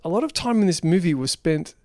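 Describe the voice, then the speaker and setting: A man's voice: a little high, expressive, fairly quick, darkish tone, no echo, clean studio sound. A man giving an unrehearsed film review, rambling and exasperated.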